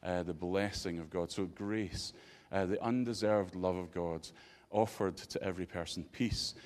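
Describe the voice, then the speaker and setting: A man's voice: deep voice, fairly even intonation, measured pace, a little mellow. A man, a pastor giving an interactive sermon and bantering playfully with his congregation.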